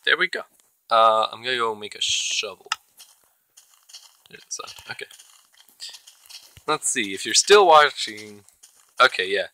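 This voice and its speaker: A man's voice: lowish voice, big pitch swings, a little slow, pauses often, pushed and bright, slight background noise, poor audio. A man hosting his own gaming channel, giving casual, chatty commentary as he plays and talking to the creatures in the game. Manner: chatty, talks to himself and the game mobs.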